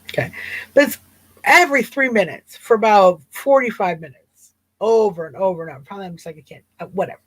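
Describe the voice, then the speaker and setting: Woman host, casual livestream chat, amused and rambling, mid pitch, dry sound. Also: fast, dry recording. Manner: chatty, amused, rambling with repeats.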